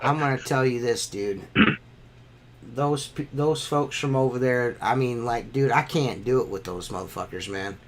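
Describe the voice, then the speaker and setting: A man on a podcast, talking crude casual banter, profane and rambling, getting animated. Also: mid-range voice, normal speed, very noisy. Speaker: podcast host.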